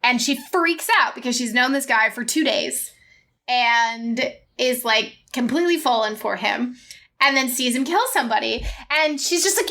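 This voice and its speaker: A woman's voice: fairly high pitch, normal speed. A woman co-hosting a casual podcast, talking animatedly and acting out lines from a film. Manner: animated, acts out quotes in raised voice. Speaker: podcast co-host. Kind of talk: casual chat.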